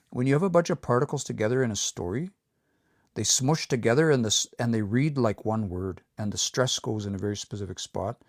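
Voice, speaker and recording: A man teaching pronunciation on a livestream, repeating words slowly and coaching learners to say them out loud. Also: medium pitch, no echo, clean studio sound. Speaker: language teacher.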